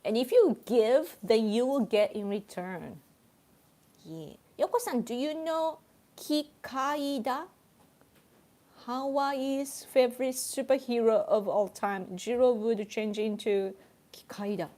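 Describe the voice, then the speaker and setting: A woman's voice: fairly high pitch, animated, dark tone. A woman live streaming from home on a tablet, chatting casually with viewers in a playful, giggly way. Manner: playful and giggly, quick to laugh.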